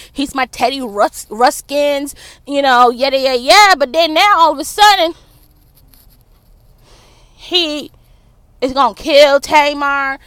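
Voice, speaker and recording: A woman vlogger, ranting loudly and profanely about celebrity gossip, filmed on a phone in a car in traffic. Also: sits high, no echo. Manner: loud, profane, fired-up ranting. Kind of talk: casual ranting commentary.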